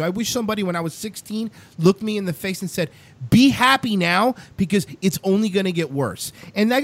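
A man's voice: high-pitched, fairly bright tone. A young adult man hosting a casual talk show, ranting emphatically and swearing often. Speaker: show host.

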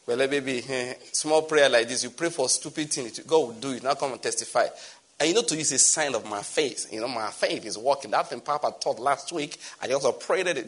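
Husky, animated male preacher. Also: medium pitch, brisk. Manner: animated, swings from loud exclamation to soft asides. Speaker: pastor. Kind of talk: sermon.

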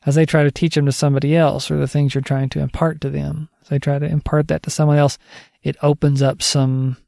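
Man, fairly high voice, gravelly fry, conversational and rambling, casual teaching update. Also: little pitch movement, a little fast, mellow, dry recording, clean studio sound. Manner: conversational and digressive, thinking aloud. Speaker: disciple-maker giving a ministry update.

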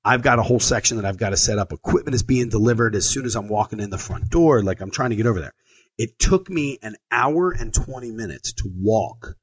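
Recounting a trip, a man tells a long personal story in a casual monologue, animatedly acting out quoted lines, with frequent fillers and restarts. His voice is lowish with a breathy edge.

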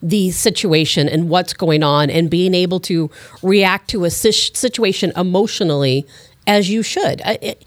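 A woman's voice: fairly low pitch, moderate pace, no echo. A woman co-hosting a political talk show, explaining her views earnestly in a conversational way. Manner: earnest, explanatory, lively intonation.

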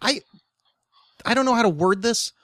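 A man's voice: extremely high pitch, moderate pace, fairly bright tone, no room sound, studio quality. A man in his thirties from New Jersey, hosting a casual podcast chat; he rambles, swears freely, laughs often and is losing his voice. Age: 30s. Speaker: podcast host.

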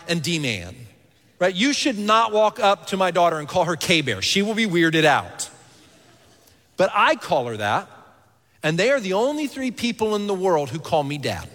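A man in his thirties, a pastor preaching a sermon, earnest and animated, sometimes dropping to quiet intensity. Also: sits high. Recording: long hall reverb.

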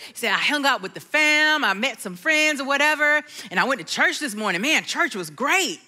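A woman's voice: sits high, expressive, fast talker, hardly any pauses, bright, forceful tone. A middle-aged woman preaching a sermon, telling a personal story and acting out the voices of the people in it.

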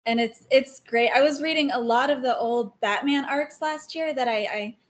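A woman guest talking casually about her favorite writers, chatty and quick to laugh. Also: sits high. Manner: chatty, laughs often, many fillers. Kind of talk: casual interview chat.

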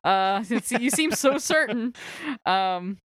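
A woman's voice: a little high, lively intonation, takes it slowly, no room sound, studio quality. A woman voicing a scruffy catfish man at a bar who talks in a breezy, sly way.

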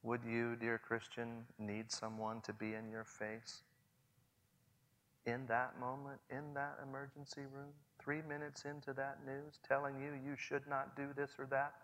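Earnest forties guy preaching, bright sharp voice, long hall echo. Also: medium pitch, monotone, a little slow. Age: 40s. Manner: earnest, swings from soft to loud. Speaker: pastor. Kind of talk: sermon.

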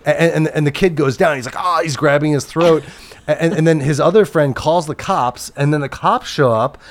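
A man's voice: on the high side, normal speed. A man who works as a TV producer, telling a story in casual chat, rambling with many restarts and fillers and swearing freely.

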